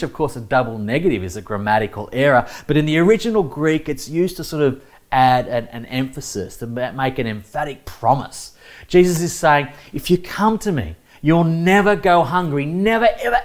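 Australian man, preacher, emphatic sermon, talks straight to listeners, average pitch. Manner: earnest, emphatic, addresses listeners directly. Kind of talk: sermon with a baking demonstration.

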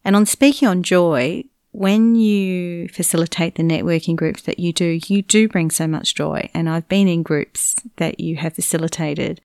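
Woman interviewer, lowish voice, upbeat and complimentary, dry close sound. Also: normal speed, gravelly, few pauses, darkish tone, dry recording. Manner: enthusiastic, complimentary. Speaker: interviewer, host. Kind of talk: warm conversational interview.

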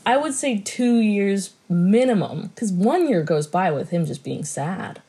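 A woman's voice: mid-range voice, lively intonation, measured pace, warm tone, slightly rough, poor audio. A young woman in casual chat about a movie, tossing in dry, sarcastic asides. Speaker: podcast co-host.

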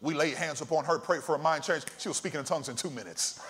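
A man's voice: on the high side, a bit bright, slight background noise. A man preaching a fervent sermon as pastor, calling out to the congregation again and again. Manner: fervent preaching with repeated call-outs. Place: church sanctuary. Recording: echoey hall reverb.

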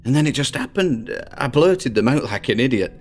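A man's voice: mid-range voice, animated, normal speed, soft background music, natural voice. A man playing a boastful teenage boy who tells a ghost story and builds suspense. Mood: spooky.

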